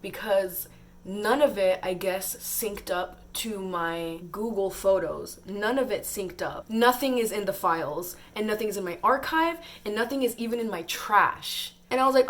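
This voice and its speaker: A woman's voice: medium pitch, normal speed, fairly bright tone. A young woman vlogging an emotional, exasperated rant, tired and laughing through her frustration. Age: young adult.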